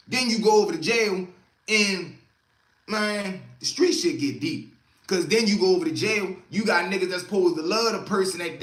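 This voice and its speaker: Hosting a casual livestream from an echoey room, a streetwise man shares street stories and calls out to viewers by name. His voice is high, bright, and forward.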